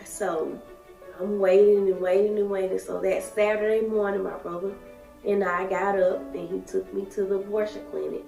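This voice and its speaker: A woman, telling her own story in halting, emotional short phrases. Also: mid-range voice, little pitch movement, vocal fry. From Alabama, USA. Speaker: daycare worker sharing her story. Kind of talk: personal testimony. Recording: echoey room, distant mic, soft music.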